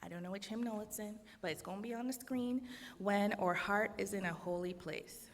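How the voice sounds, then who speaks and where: A woman with a Jamaican accent opening a church service as worship leader. She speaks in a measured, reflective way with light asides. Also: medium pitch. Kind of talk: sermon opening. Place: church sanctuary. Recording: long reverb of a large hall.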